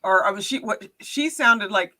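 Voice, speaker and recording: A woman co-hosting a casual podcast chat, speculating out loud with frequent restarts. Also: medium pitch, moderate pace, slight background noise, rough recording. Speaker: co-host.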